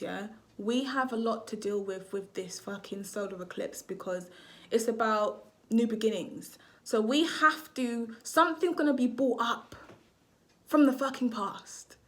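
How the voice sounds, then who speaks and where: Speaking off the cuff to camera, a woman gives a casual astrology reading. Her voice sits a little high and she takes her time, rambling, wandering off topic, losing her train of thought and swearing freely.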